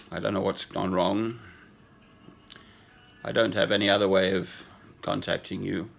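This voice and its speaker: A man in his sixties talking in a slow, sentimental, rambling personal monologue with chuckles. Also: deep voice, little pitch movement, creaky. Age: 60s. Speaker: speaker addressing a woman.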